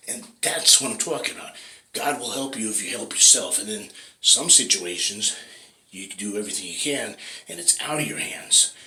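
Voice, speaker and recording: Recorded in an echoey room with a little noise, a male fitness vlogger talks in a loose, rambling way, full of profanity and constant "right?" check-ins. His voice is low-ish, expressive, and sharp, at a moderate pace.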